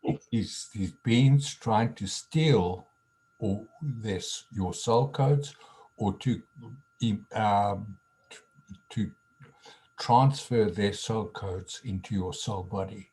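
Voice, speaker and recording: Slow, earnest man with a low voice. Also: warm tone, rough recording. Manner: slow, earnest, repeats words. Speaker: guest teacher. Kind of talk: casual spiritual conversation.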